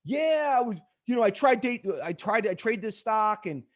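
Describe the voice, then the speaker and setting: A man putting on the voice of an angry male trader who lost money, shouting and accusing. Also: high-pitched, lively intonation, moderate pace, voice pushed up. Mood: defensive.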